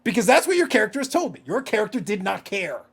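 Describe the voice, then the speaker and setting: A man's voice: sits high, big pitch swings, fast, vocal fry, a bit bright, husky. A man co-hosting a casual podcast, ranting with exasperation and swearing freely. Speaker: podcast co-host.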